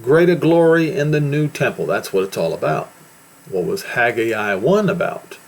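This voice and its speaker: An American man delivers a preaching-style commentary, his pitch sitting in an ordinary middle range. He speaks with emphasis and now and then builds up to forceful declarations. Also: animated, normal speed. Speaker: religious commentator. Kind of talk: preaching commentary on news and scripture.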